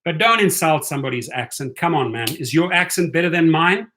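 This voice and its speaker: A South African man hosts a casual live stream, reading viewer questions aloud and answering them in a chatty, blunt manner. His voice sits a little high and sounds a bit bright, with lively intonation and a fairly quick pace. There's a slight hiss or hum in the background.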